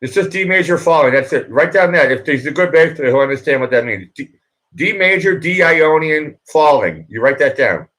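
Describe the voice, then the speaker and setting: A man with a slightly high voice hosting a casual livestream. He talks bluntly and pushes his points, repeating words to drive them home. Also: lively intonation, brisk, a bit bright, poor audio. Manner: blunt, insistent, repeats himself. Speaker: livestream host. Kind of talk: casual live chat.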